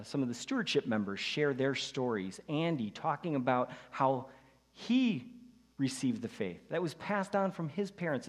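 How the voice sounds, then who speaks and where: A pastor of average pitch speaks gently and in measured phrases, his words often trailing off softly. His voice rings out with a long reverb in a large church sanctuary. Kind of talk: sermon introduction.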